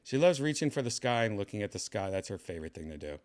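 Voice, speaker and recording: A man's voice: on the low side, sing-song, fast, darkish tone. A man hosting a casual home vlog, rambling in a laid-back way while showing his cats in a room at home. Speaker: host showing his pets.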